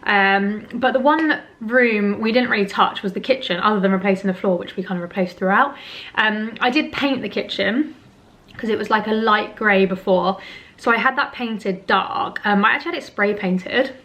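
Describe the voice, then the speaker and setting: A woman's voice: medium pitch, normal speed, a bit bright. A young British woman chatting casually to the camera in her home, rambling with lots of ums and likes and frequent little laughs. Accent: British English. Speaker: vlogger.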